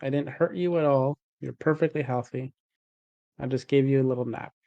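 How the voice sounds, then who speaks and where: A man's voice: medium pitch, fairly even intonation, moderate pace, dark tone, no echo, muffled recording. Rambling man playing a self-styled CEO. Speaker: player. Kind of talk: in-character improvised talk at a tabletop game.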